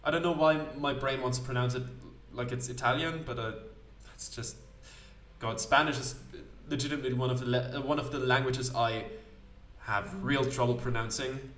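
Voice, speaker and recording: A man's voice: medium pitch, fairly even intonation, moderate pace, fairly bright tone. Apologetic, stammering let's-play guy. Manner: self-deprecating, stammering restarts, apologetic. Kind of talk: casual gameplay commentary. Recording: roomy sound, distant mic.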